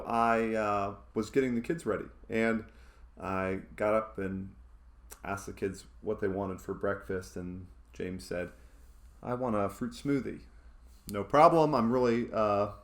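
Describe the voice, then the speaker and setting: A man in his thirties, a church staff member, talking casually to camera and telling a self-mocking story, rambling with fillers. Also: mid-range voice.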